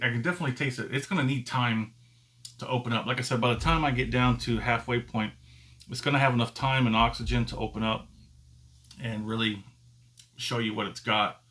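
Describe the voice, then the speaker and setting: A man hosts a casual whiskey tasting video, speaking straight to his viewers. He thinks aloud as he goes, unhurried and easygoing. He often pauses and restarts while he hunts for the right word. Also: medium pitch, fairly bright tone. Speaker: whiskey reviewer and channel host. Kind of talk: casual tasting review to camera.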